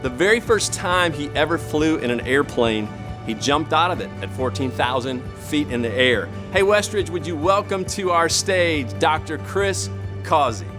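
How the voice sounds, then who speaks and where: A man's voice: a little high, lively intonation, moderate pace. A man hosting at a church, introducing a guest speaker with enthusiasm. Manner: upbeat, enthusiastic. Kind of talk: stage introduction. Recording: music playing behind.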